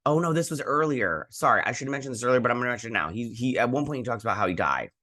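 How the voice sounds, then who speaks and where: A man hosting a casual recap show, retelling scenes in a rambling, animated way and quoting characters. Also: medium pitch, very fast, dry recording, clean studio sound. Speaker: host.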